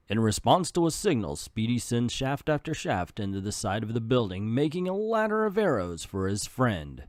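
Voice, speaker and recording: A man's voice: mid-range voice, very animated, normal speed, few pauses, no echo, studio quality. A man hosting a comedic comic book read-through, narrating panels dramatically and tossing in jokey asides. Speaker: host reviewing a comic.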